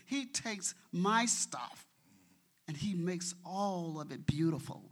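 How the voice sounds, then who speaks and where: A woman's voice: on the low side, animated, slow pace. A middle-aged woman giving a heartfelt testimony in a church before reading scripture. She speaks earnestly and says openly that she is nervous. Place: church sanctuary.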